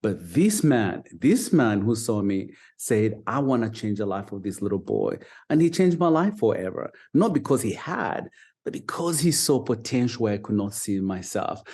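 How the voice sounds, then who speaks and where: A man's voice: fairly low pitch, big pitch swings, moderate pace, darkish tone, husky. A man from Uganda with a Ugandan British accent, speaking earnestly as an interview guest and repeating words as he goes. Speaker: guest, foster dad. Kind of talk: casual interview talk.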